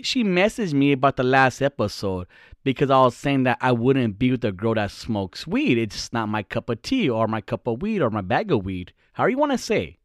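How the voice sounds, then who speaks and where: A man's voice: medium pitch, dry recording, studio quality. A young man hosting a podcast, telling stories in a loose, profane, rambling way full of slang and restarts. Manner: slangy with fillers like "dude" and "like". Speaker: podcast host. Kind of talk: casual podcast storytelling.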